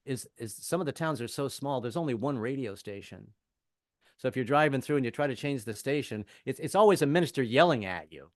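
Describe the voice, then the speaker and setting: His mid-range voice has a clean tone, recorded with clean studio sound and no room sound at all. He's an older stand-up comedian from the American South, rambling through self-deprecating material and stammering into restart after restart.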